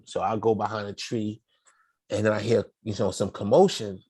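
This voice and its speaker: A man's voice: lowish voice, normal speed, husky, no echo. A middle-aged man, telling a story in a casual, slangy way as an interview guest. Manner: slangy, animated, acts out the people in his story.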